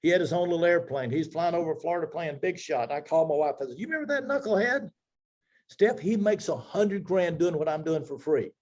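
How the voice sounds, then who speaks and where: A man's voice: a little high, a little fast, hardly any pauses, warm tone. A man in his seventies telling a personal career story to his team, acting out the dialogue as he goes. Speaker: business leader speaking to his team.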